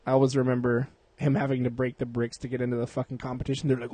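A man's voice: mid-range voice, monotone, rapid-fire, dark tone. A young man hosting a casual podcast, rambling and swearing a lot, laughing often. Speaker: podcast host.

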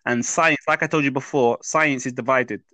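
A man's voice: medium pitch, steady tone, normal speed, pushed and bright, no room sound. Male teacher type, plain mid voice, explains and checks in often, dry recording. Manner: explanatory, checks in with "yeah?" and "does that make sense?". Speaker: mindset teacher. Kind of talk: interview explanation.

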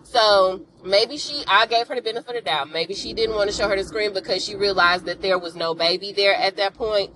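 A woman talks through a TV episode like she's catching up a friend, tossing in sassy asides and calling out to her listeners. Her voice sits at an everyday middle pitch. She keeps it loose and conversational from start to finish. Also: a little fast, few pauses, sharp tone, low-quality recording. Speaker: podcast host. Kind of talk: casual TV episode recap.

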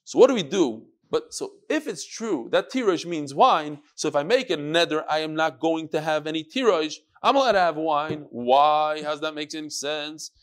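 A man teaching a Talmud class in a lively, questioning manner, sprinkling in Yiddish and Hebrew terms to students in a study hall. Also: fairly high pitch, moderate pace, few pauses.

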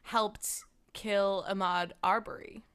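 Bright-voiced swearing woman podcaster. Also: medium pitch, steady tone, slow, clear, resonant tone. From American Midwest. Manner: frank, laughing, swears freely. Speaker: podcast co-host. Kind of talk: casual chat.

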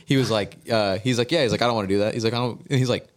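A man's voice: fairly low pitch, very fast. A man on a casual podcast, rambling through a story with heavy swearing and slang. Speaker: podcast host.

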